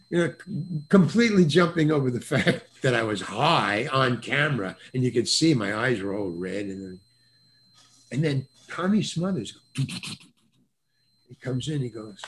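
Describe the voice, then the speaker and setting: An older man, a guest actor, telling stories in casual chat over a video call, with stammering restarts and animated voices for the people he quotes. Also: medium pitch, moderate pace. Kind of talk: casual anecdotal storytelling.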